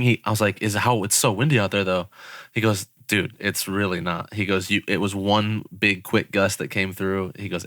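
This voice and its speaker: A young man co-hosting a podcast tells a story in a bright, forceful voice, laughing and swearing as he goes. His pitch sits a little low, and the recording is close and dry, with no room sound. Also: fairly quick, no room sound. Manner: laughing, swearing, animated retelling. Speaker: podcast co-host. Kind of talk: casual storytelling.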